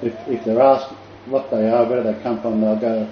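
A man with an Australian accent preaching an informal sermon, pausing often, then building with emphatic repetition. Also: mid-range voice, little pitch movement, slight background noise. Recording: echoey, distant, dull room recording.

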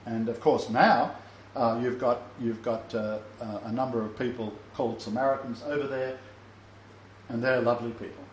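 A man's voice: mid-range voice, steady tone, moderate pace, slight background noise. An older man teaching a Bible lesson, rambling in a chatty storytelling way with many fillers. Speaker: teacher of a Messianic Bible study. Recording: echoey, slightly dull room recording with faint ambience.

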